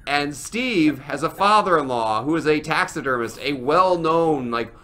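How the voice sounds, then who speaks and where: A man co-hosting a comedy podcast, talking in deadpan, sarcastic casual banter. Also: fairly high pitch, unhurried. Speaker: podcast co-host.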